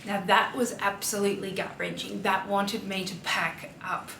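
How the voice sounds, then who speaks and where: A woman's voice: medium pitch, level tone, normal speed, gravelly, pushed and bright, a little hiss or hum. An Australian woman in her thirties, a mom and fashion vlogger, talking in a heartfelt, chatty way with plenty of fillers. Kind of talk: casual confessional chat. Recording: roomy echo, distant mic, faint ambience.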